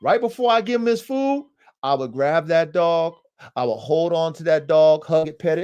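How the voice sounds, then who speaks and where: Animated man with a lively voice. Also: a little high, normal speed, smooth, dull audio. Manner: animated, talks straight to listeners as "y'all". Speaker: dog trainer podcast host. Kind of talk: casual livestream talk.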